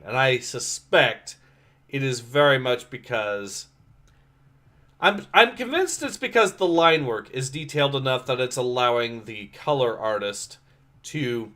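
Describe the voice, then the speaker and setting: A man's voice: mid-range voice, a bit bright. A man hosting a casual comic book reading livestream, blunt and sarcastic in his remarks. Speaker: livestream host.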